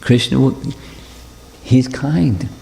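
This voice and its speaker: A man giving a devotional talk and answering questions, speaking in a gentle, repetitive, reassuring way. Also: mid-range voice, slow, creaky, slight background noise. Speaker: spiritual teacher. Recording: long hall reverb.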